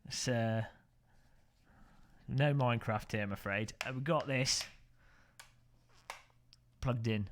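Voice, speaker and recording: A man's voice: mid-range voice, slow pace, long pauses, slight background noise. A man from England, chatting casually on a sim racing live stream, rambling and joking as he corrects himself.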